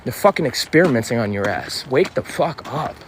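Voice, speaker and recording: Standing outdoors beside a street, a spiritual vlogger gives an intense, confrontational motivational monologue full of profanity. His mid-range voice is very animated and fairly quick, with street noise behind him.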